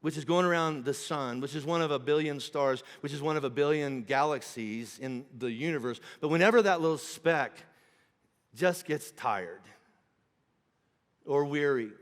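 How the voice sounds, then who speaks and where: A man preaching a sermon as pastor, conversational and animated, with asides and self-corrections. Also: fairly high pitch, moderate pace. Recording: long hall reverb.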